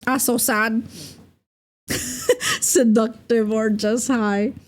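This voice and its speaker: A young woman streaming as a VTuber in loose, rambling chat. Her voice sits a little high and she takes her time, drifting between thoughts with plenty of "like" and quick giggles. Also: big pitch swings. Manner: rambling, giggly, full of fillers. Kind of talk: casual livestream chat.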